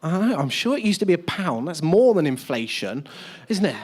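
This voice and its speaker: A man's voice: on the high side, very animated, fairly quick, a little mellow, husky. Male pastor, sermon with humorous asides, self-mocking storyteller, in a church service. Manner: chatty, self-deprecating storytelling. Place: church service with live audience.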